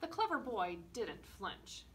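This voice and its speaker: A woman librarian reading a picture book aloud at a children's storytime, slow and expressive with playful asides. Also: fairly high pitch. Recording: distant mic with faint room noise.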